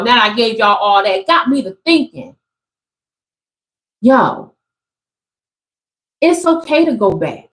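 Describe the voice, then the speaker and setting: A young woman who makes spiritual content gives a pep talk in a high, bright voice. Her delivery is casual, yet she builds emphasis through repetition the way a preacher works a crowd, and the room around her is echoey.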